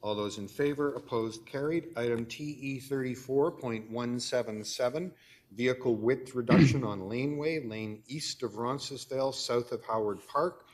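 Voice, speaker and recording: A man with a Canadian accent chairing a council meeting, reading agenda items and motions in a brisk, dry procedural way. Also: mid-range voice. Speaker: committee chair.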